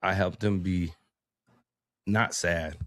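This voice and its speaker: A man chatting as a podcast guest, telling animated stories, acting out quotes and laughing often. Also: sits low, slow, no room sound, clean studio sound. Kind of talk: casual conversation.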